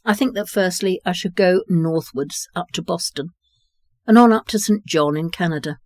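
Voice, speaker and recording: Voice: medium pitch, normal speed, dry recording, studio quality, lightly acted. A reader voicing a polite, hopeful young man in an audiobook story. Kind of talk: audiobook reading.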